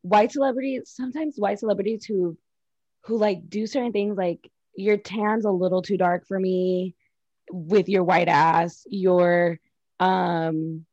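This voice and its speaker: A woman of Mexican heritage co-hosts a podcast. She talks candidly, swears freely and tells stories with energy. Her voice is mellow and the sound is dry. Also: fairly low pitch, measured pace, dry recording, dull audio. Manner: candid, profane, animated storytelling. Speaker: podcast co-host. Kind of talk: casual chat.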